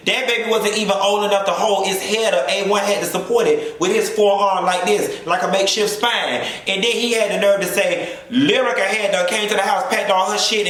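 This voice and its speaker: A high-voiced man, sassy and flamboyant, ranting through a profane comedic recap of a reality show. The sound is very echoey, as if spoken in a bare room. He throws in drawn-out asides and mock sermons as he talks. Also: a bit bright. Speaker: reality TV commentator.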